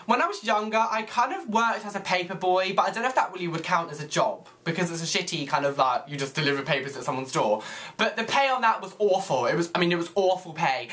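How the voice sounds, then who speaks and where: A young British man chatting straight to his webcam in a loose, gushing vlog style. He rambles from one thought to the next with plenty of fillers and dramatic exclamations, and he keeps it lively and expressive throughout. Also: sits high. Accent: British English. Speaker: vlogger.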